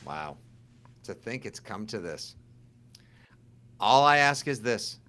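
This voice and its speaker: A man's voice: fairly low pitch, takes it slowly. A man with a Boston accent co-hosting a casual sports podcast, sarcastic and theatrical. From South Shore of Boston. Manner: animated, sarcastic, theatrical outbursts. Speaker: podcast co-host.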